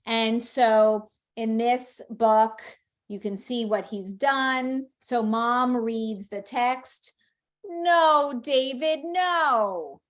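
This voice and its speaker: Slow, patient woman teaching parents. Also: a little high. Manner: slow, patient explaining with animated read-aloud examples. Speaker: speech-language educator. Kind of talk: instructional presentation for parents.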